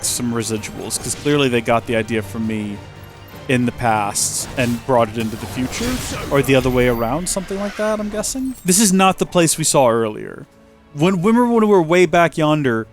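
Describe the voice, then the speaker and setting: A man chatting and joking as a let's play host, rambling as he plays. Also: mid-range voice. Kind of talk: gameplay commentary.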